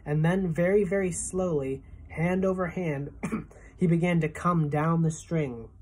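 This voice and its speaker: A woman teacher reading a children's novel aloud in an expressive storytelling manner, with a husky voice. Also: fairly low pitch, measured pace.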